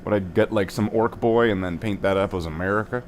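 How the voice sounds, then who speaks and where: A man's voice: lowish voice, brisk, slight background noise. Goofy young man chatting while painting. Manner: goofy and playful, sings nonsense and repeats words. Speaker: streamer painting miniatures. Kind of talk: rambling casual livestream chat.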